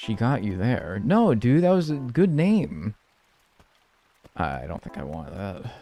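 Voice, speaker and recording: A man's voice: medium pitch, takes it slowly. A young man chatting casually and rambling on a live gameplay stream, swearing freely as he talks. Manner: animated, chatty, swears a lot.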